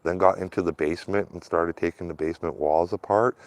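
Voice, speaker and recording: Low-voiced man rambling casually. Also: fairly even intonation, fairly quick, no room sound. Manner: loose and rambling, peppered with "like" and "man". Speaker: vlogger. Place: outdoors, walking a dog through a small town.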